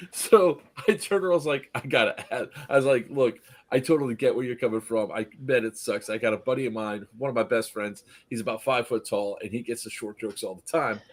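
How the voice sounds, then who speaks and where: A man's voice: medium pitch, fairly quick. A man in casual chat, telling a story with energy and acting out the people in it. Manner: animated, acts out the people in his story.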